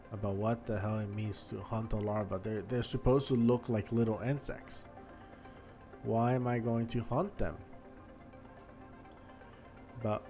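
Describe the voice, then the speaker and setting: A man's voice: on the low side, a little mellow. A man giving casual gameplay commentary, chatty and thinking aloud as he explores, with faint game music behind him. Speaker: gaming YouTuber.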